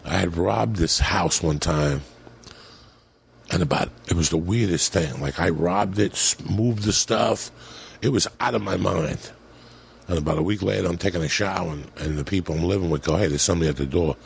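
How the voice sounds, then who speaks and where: Middle-aged male comic, low and rough, swears freely and acts out everyone in his stories. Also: moderate pace. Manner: profane, animated storyteller doing voices. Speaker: comedian. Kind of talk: storytelling on a podcast.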